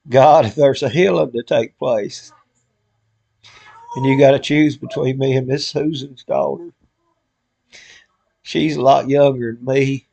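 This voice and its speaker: An older man leads a heartfelt, folksy prayer for his online viewers. His voice is gravelly and creaky, and the stream audio sounds dull and muffled. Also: mid-range voice, darkish tone, no echo. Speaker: live stream host.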